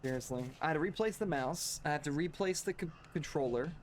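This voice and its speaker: A man's voice: a little high, fast, a little hiss or hum. A man chatting casually while streaming a video game, laughing often and rambling into asides. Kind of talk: casual gameplay chat.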